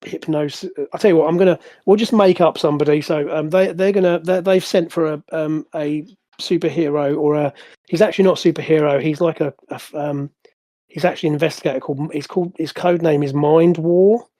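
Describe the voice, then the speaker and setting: Male game master, a bit high-pitched, halting delivery, dry sound. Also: fairly even intonation, warm tone, no room sound. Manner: halting, full of fillers and restarts. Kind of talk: narrating a tabletop game.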